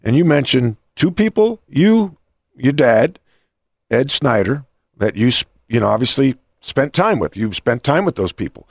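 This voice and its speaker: A man's voice: medium pitch, very animated, measured pace, vocal fry, no room sound, clean studio sound. A man hosting an interview, rambling through anecdotes with frequent restarts. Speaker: host. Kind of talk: casual interview talk.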